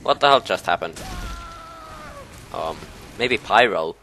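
A man casually commentating his own gameplay, muttering low asides and then yelping in panic, his voice a little low from being sick. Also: expressive, slow, pushed and bright, slight background noise. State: slightly sick, voice a bit low. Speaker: gamer.

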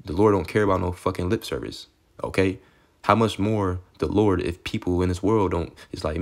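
A man with a very low, gravelly voice preaching a casual street-style sermon. He reads scripture and then riffs on it in a loose, conversational way, peppering his lines with "okay" and "man." He gets excitable and sometimes drops to a low murmur. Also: moderate pace.

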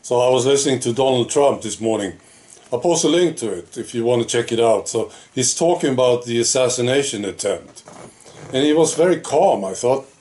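This man, a political vlogger, is animated and brisk as he talks to the camera, his medium-pitched voice carrying a darkish tone. The piece is a casual opinion monologue, conversational and peppered with rhetorical questions and "right?" asides.

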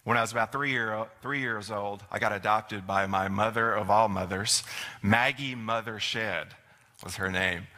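A man's voice: fairly low pitch, normal speed, pushed and bright. A middle-aged man giving a folksy, storytelling sermon as a minister in a church. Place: church sanctuary. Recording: long hall reverb.

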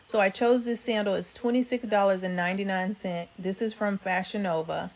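A woman's voice: mid-range voice, steady tone, fairly quick, darkish tone. A woman hosting a fashion vlog, chatting casually with viewers about outfits. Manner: chatty, addresses viewers as y'all. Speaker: fashion vlogger. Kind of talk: casual styling commentary.

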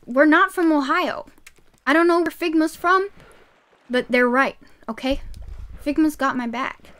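A woman streaming a game live, excitable and yelling her reactions, her throat sore from shouting. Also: high-pitched, a little slow.

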